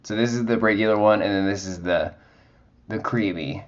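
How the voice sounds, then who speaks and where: A man with a lowish voice speaks at a moderate pace, captured in dull-sounding audio. It's a casual makeup review vlog recorded at home, where he chats dramatically and exclaims with plenty of sass.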